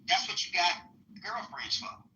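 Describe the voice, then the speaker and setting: A man talks candidly on a podcast, blunt and profane, hammering his points home by repeating himself. His voice has a very bright edge. He is recorded from some distance in a room that echoes around him. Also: high-pitched, fairly even intonation, a little slow, dull audio, a little hiss or hum. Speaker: podcast speaker. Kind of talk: candid casual talk. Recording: roomy sound from a distant mic.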